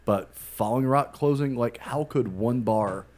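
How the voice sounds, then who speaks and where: A man chatting as a podcast co-host, talking at an average pitch. He rambles loosely, trailing off and starting sentences over as he goes. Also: a little slow, darkish tone, slight background noise. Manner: rambling, trailing off with fillers and restarts. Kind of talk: casual chat.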